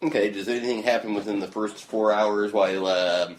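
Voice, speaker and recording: A man's voice: on the low side, steady tone, a little fast, roomy sound, rough recording. A man playing a tabletop game, giving brief, matter-of-fact replies. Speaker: player. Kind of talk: casual tabletop game chat.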